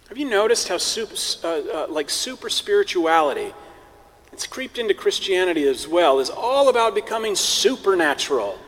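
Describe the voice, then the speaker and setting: A male priest delivering a sermon in a conversational, animated way with wry humorous asides. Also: high-pitched, moderate pace, big-room sound.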